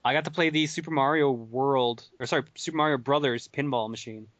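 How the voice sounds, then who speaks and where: A man's voice: mid-range voice, a little fast, fairly bright tone. A man co-hosting a casual podcast chat, hesitant and often correcting himself. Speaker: guest co-host. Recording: dull, slightly lo-fi, dry.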